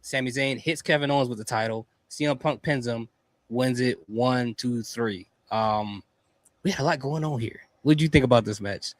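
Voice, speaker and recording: A man hosting a casual wrestling podcast, relaxed and teasing, often repeating himself. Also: mid-range voice, moderate pace, dry recording. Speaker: podcast host.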